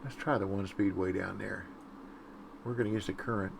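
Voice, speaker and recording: A man's voice: on the low side, fairly even intonation, normal speed, gravelly, background noise. A man casually commenting while playing a fishing game, chatting to viewers and humming to himself. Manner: laid-back, chatty, hums and sings to himself. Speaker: gaming streamer.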